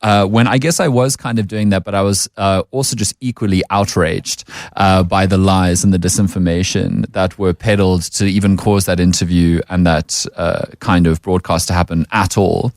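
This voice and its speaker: South African man, fairly deep, articulate and opinionated, dry studio sound. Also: steady tone, normal speed, dry recording. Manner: articulate, opinionated, acts out quoted voices. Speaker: panel guest, media personality. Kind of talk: radio panel discussion. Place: radio studio.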